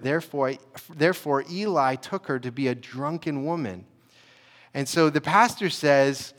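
A man preaching a sermon in a relaxed, conversational way, often saying "you know" and restarting his sentences. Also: a little high, big-room sound. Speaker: pastor.

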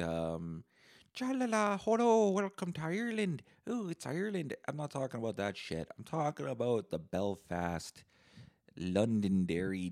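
A young man from Canada rants alone on his podcast, sarcastic and profane. His lowish voice swings widely in pitch as he works himself up. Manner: sarcastic, profane, animated ranting. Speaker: podcast host. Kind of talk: solo comedic rant.

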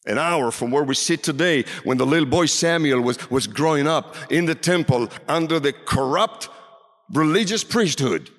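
A man preaching a sermon in a large hall, dramatic, swinging from loud calls down to near whispers. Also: fairly high pitch, expressive, moderate pace. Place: large hall with a seated audience. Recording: reverberant hall.

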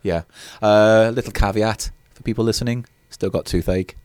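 A man's voice: lowish voice, moderate pace, a little mellow, no echo. Sweary British man in mock-stern banter. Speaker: podcast co-host. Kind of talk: casual comedic chat. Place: small recording pod.

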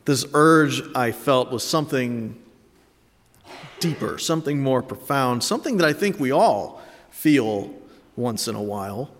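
A man in his late thirties from Connecticut preaching an Easter sermon, telling a story with reflective warmth and dry self-mocking humor. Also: mid-range voice, lively intonation, measured pace, in a large hall. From Connecticut, USA. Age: late 30s. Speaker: pastor.

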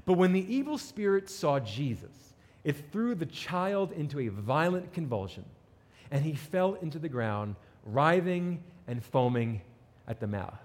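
A man preaching a sermon with an animated delivery, reading scripture and acting out the people in it. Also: on the high side, a little slow, in a large hall. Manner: animated preaching, reads scripture and acts out quotes. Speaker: pastor.

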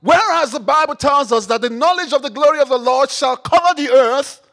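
High-pitched man preaching a sermon. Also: brisk. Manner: call-and-response, repeats phrases, rises to shouts; rhetorical questions to the audience.

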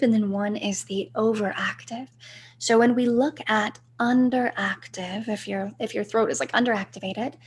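A woman speaking as a podcast guest in a flowing, searching way, with a slight vocal fry. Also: fairly high pitch. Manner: flowing, spiritual, searching for words. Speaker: guest, voice coach. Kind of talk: podcast interview.

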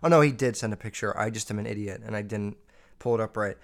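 A man's voice: lowish voice, fast. A man hosting a show, reading listener messages and riffing on them with constant swearing. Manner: profane, animated, riffing. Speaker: podcast host.

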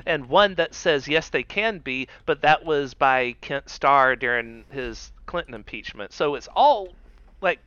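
A man's voice: on the high side, lively intonation, unhurried, pushed and bright, clean tone, no echo, muffled recording. A man co-hosting a podcast in casual chat, talkative and full of wry asides. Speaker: podcast co-host.

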